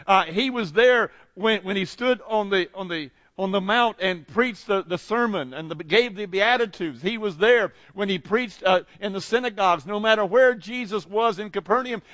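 A male pastor preaching a sermon in a fairly high voice, emphatic and repetitive. He often restarts his phrases and swings between booming and hushed. The recording is dry and dull, like lo-fi audio. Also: no room sound.

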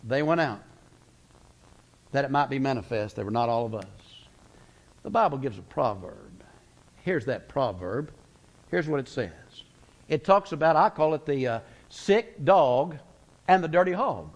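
A man preaching a sermon, folksy and storytelling, slowing down for emphasis then speeding up. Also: medium pitch, lively intonation, low-quality recording. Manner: folksy storytelling preacher, pace swinging slow and fast.

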